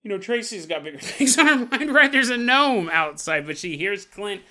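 A man hosting a podcast, retelling a story in a casual, animated way and acting out the people he quotes. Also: sits high, normal speed. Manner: animated, acts out quotes with playful voices. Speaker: podcast host.

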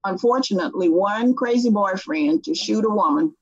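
A middle-aged woman tells a story in a relaxed interview and slips into the voices of the people she quotes. Her voice is a little husky, and the recording sounds dull and lo-fi. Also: medium pitch, normal speed. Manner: animated, acts out quoted voices. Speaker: guest.

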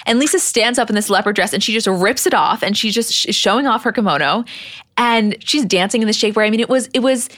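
A woman's voice: fairly high pitch, fast, dry recording, clean studio sound. A young adult woman co-hosting a podcast, chatting casually and retelling scenes with quoted lines. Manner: animated retelling, acting out quotes. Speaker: podcast co-host. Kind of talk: casual recap chat.

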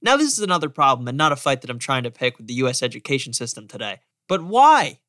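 A young man hosting a podcast, narrating in an animated, opinionated way. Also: medium pitch, racing, no echo, studio quality. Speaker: podcast host.

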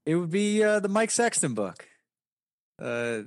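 This West Virginia man, a poker player with a Southern accent, rambles through interview answers in a relaxed way, full of fillers and restarts. He has a high, sing-song voice and takes his time, captured in a clean studio with no echo.

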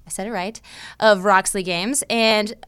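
A woman's voice: medium pitch, fairly even intonation, unhurried, a bit bright, clean tone. A young woman hosting a podcast, chatting casually and giggling often with her guest. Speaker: podcast host. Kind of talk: casual interview chat.

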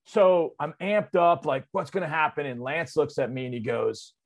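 A man in his forties hosts sports radio and spins a yarn with plenty of energy. His voice sits at an ordinary middle pitch. He jumps between loud, excited bursts and quieter asides, talking casually and loosely throughout. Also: unhurried, vocal fry. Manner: animated, excitable storyteller with big swings in loudness and pitch; conversational, drops into loose asides. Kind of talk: casual on-air storytelling.

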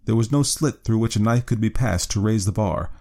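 A man narrating a classic story as an audiobook in a measured, even reading. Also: lowish voice.

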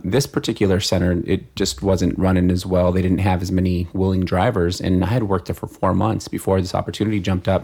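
A man as a podcast guest, recounting his working years in a steady, matter-of-fact way. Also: low-pitched, creaky, breathy edge. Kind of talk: casual interview chat.

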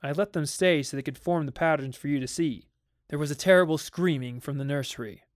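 A man gives voice to a worried father in a spoken storybook. He sounds stern and exasperated, and his outbursts turn sharp. The voice sits a little high, with a close, dry sound. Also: a little fast, no echo, close to an everyday voice. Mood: urgent. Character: anxious wealthy father, stern and uneasy. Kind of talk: dramatic audiobook reading.

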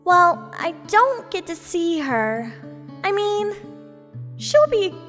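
A timid young girl in an audiobook, as a man voices her. She talks in a high, bright voice, slowly and hesitantly, a little wistful. Long reverb and gentle music sit behind her. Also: sing-song, exaggerated voice. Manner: hesitant, halting. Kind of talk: audiobook character voice.

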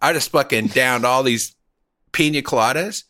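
A man's voice: mid-range voice, normal speed, pushed and bright. A middle-aged man casually telling a crude, rambling anecdote with frequent laughs. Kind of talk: casual storytelling.

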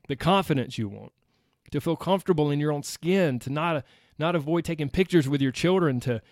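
A man's voice: fairly high pitch, brisk, a little mellow, no echo, studio quality. Upbeat Southern man hosting a podcast. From United States. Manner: upbeat, chatty, laughs often, talks straight to listeners. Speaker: weight loss coach podcast host. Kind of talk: solo podcast monologue.

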